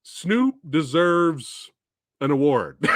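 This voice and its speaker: In a clean studio recording with a dry sound, a man with a slightly high voice hosts a casual live Q&A stream. He tells animated stories, laughs often, and plays different people.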